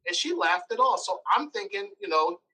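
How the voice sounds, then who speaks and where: A man as an interview guest telling a personal story, animated, acting out quoted lines. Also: sits high, moderate pace, recorded from a distance, poor audio.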